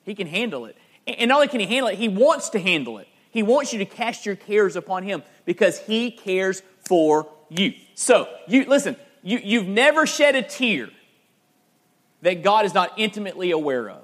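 A man's voice: high voice, big pitch swings, moderate pace, a bit bright. A man preaching a sermon as pastor, earnest and emphatic, often repeating words as he presses a point.

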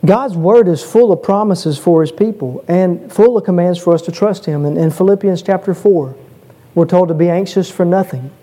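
A man's voice: sits high, normal speed, warm tone. A man preaching a sermon, earnest and rising to emphatic peaks, often repeating words as he stresses a point.

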